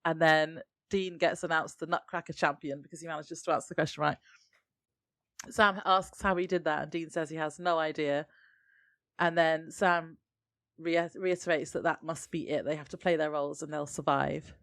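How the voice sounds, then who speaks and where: A woman co-hosting a podcast, narrating the plot of a TV episode in a steady, chatty way. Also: sits low, moderate pace, dry recording. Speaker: podcast co-host. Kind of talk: casual chat recapping a TV episode.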